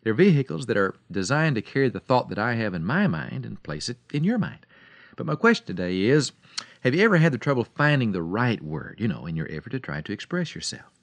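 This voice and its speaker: A man giving a radio devotional talk as a preacher, telling stories dramatically and swinging between loud and soft delivery. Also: mid-range voice, very animated, brisk, no echo.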